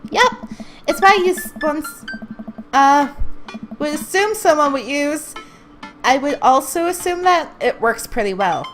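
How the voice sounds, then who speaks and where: A woman voicing a sarcastic teenage daughter in a put-on American accent, deadpan and teasing. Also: high voice, measured pace, long pauses, soft background music, voice pushed up. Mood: matter-of-fact.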